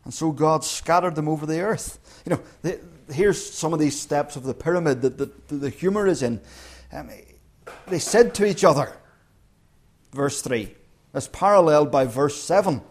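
A man preaching a sermon who tells the story lively and with humour, acting out little voices. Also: fairly high pitch, moderate pace.

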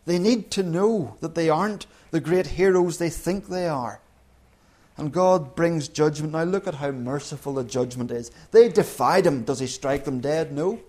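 A man preaching a sermon who tells the story lively and with humour, acting out little voices. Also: on the high side.

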